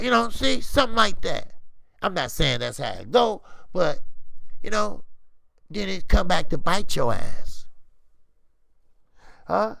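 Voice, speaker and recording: A man's voice: high voice, takes it slowly, gravelly, long pauses, no echo, clean studio sound. A man hosting a boxing stream, ranting profanely and repeating himself. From Chicago. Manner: profane, animated, repeats words. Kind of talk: ranting commentary.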